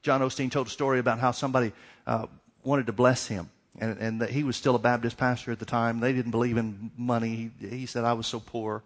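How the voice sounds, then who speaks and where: A man's voice: medium pitch, level tone, fairly quick. A middle-aged man preaching a sermon, asking repeated questions and acting out little dialogues. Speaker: pastor.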